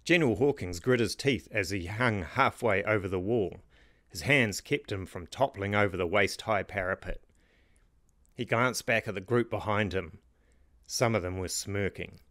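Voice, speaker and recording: A man narrating his own fantasy book in a measured, dramatic reading. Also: lowish voice, a bit bright, no echo, clean studio sound. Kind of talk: storybook narration.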